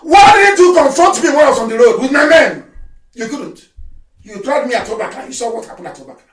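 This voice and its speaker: A political activist broadcaster gives a fiery radio address, shouting, mocking, and scolding in a high, animated voice at a fast clip. The sound is echoey and distant, well off the mic.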